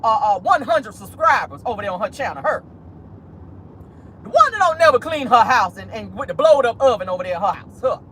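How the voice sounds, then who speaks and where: Woman host doing petty, sassy commentary from her car, very animated voice, light outdoor hum. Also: a little high. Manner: sassy, petty, talks straight to viewers with lots of "honey" and "y'all". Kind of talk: casual commentary vlog from a car. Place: parked car.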